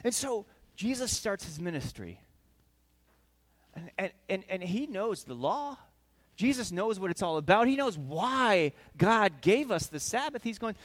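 A male preacher giving a sermon, telling the story in an animated way and acting out the scenes. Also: high-pitched, a little slow.

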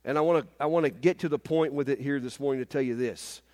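A man in his fifties preaching a sermon in a church service, animated and often asking the congregation "Amen?". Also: mid-range voice, quick pace, big-room sound. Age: 50s.

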